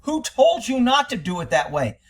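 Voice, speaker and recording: A man with a high-pitched voice gives blunt, scornful commentary on a recorded interview. He talks in a sarcastic, cutting way and curses now and then. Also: big pitch swings, moderate pace. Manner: profane. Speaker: commentator reacting to interview audio. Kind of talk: critical commentary.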